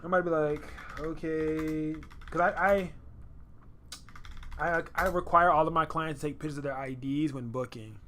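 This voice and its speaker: A man's voice: on the high side, fairly even intonation, normal speed, fairly bright tone, a little hiss or hum. A young man photographer chatting loosely on his live stream while he edits, full of slang and repeated phrases. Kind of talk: casual live-stream chat.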